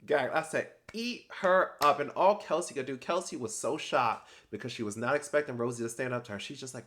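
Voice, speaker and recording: A young adult man recapping a reality TV episode in casual commentary, animated and sassy, acting out people's lines with slangy asides. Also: mid-range voice, brisk, few pauses.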